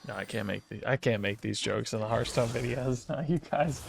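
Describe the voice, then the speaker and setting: A man's voice: medium pitch, brisk, creaky, husky. A young man hosting a gameplay video, talking through his moves in rambling, self-questioning casual commentary that swings into mock anger.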